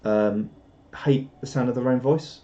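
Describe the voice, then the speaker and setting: A man's voice: mid-range voice, a little slow, warm tone. A man chatting casually on a live stream, rambling and self-deprecating as he reads out viewer comments. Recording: dull lo-fi stream audio.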